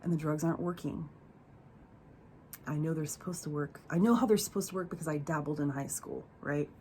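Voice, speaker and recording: A young woman with a low-pitched voice recounts a painful family story straight to camera. She talks in a raw, unfiltered way, swearing often and circling back with fillers. A faint hiss sits under her voice. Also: fairly quick, a little mellow. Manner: profane, raw and emotional, rambling with fillers. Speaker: vlogger telling a personal story. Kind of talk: candid storytime monologue.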